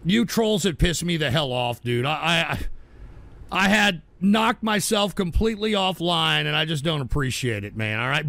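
A man hosts a live stream in a high, raspy-edged voice with a sharp, tense bite. He reads the chat and rants in a profane, irritable way, veering from low grumbles to loud outbursts. The sound is close and dry. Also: normal speed, dry recording. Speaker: livestream host.

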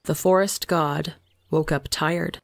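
A man reading a fan story aloud in calm, measured narration. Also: fairly high pitch, gravelly, no room sound, studio quality. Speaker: fanfiction reader. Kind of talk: scripted narration.

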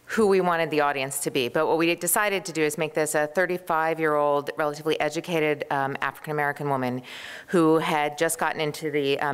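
Woman, low voice, smooth, halting with fillers, workshop room. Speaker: workshop participant presenting a group story. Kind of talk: casual spoken story pitch.

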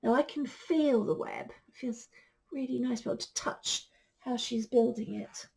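A woman teacher reading a picture book aloud to children, gentle and slow, sometimes dropping to a soft whisper. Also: a little high, creaky.

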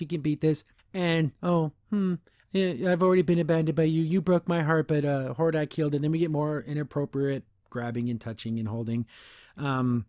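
A man's voice: fairly high pitch, no room sound, clean studio sound. A man hosting a podcast, recapping a cartoon episode in a casual rant, exasperated and sarcastic, laughing often and mocking the characters in silly voices.

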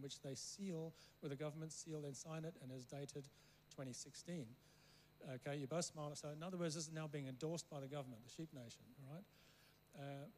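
A man raised in Africa, for whom English is a second language, preaches as a guest through long rambling stories, often checking in with the congregation. His voice is a little high with a darkish tone. The recording is poor, with slight background noise.

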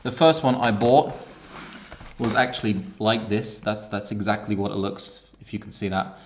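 A man talking casually and excitedly about camera gear in a video review, out of breath and rambling a little as he hypes it up. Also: fairly low pitch, moderate pace, a little hiss or hum.

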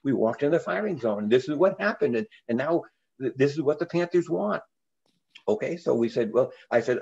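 Older reverend with a halting, earnest delivery. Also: male voice, medium pitch, lively intonation, creaky, darkish tone, slightly rough, dull audio. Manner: earnest, with frequent halting restarts. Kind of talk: storytelling in a recorded interview.

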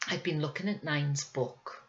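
A woman's voice: deep voice, unhurried, muffled recording. A woman voicing a shy, serious young boy who speaks hesitantly. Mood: proud.

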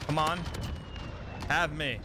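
A man's voice: on the high side, takes it slowly, background noise. A young man streaming a shooter game, trash-talking and repeating catchphrases as he plays. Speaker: gaming streamer. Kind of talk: live gameplay commentary. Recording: loud gunfire from the game behind. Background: shooter game gunfire and explosions.

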